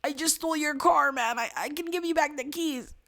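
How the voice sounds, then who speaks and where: A woman voicing a desperate female car thief in a life-sim game, high, whiny and pleading. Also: normal speed, sharp tone, exaggerated voice.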